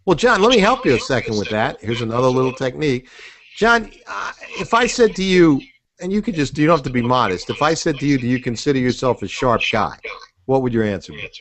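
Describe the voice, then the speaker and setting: A man's voice: mid-range voice, fairly quick. A middle-aged man leading a sales training role-play, asking leading questions and acting out the answers. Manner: animated, asks leading questions, acts out answers. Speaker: business trainer.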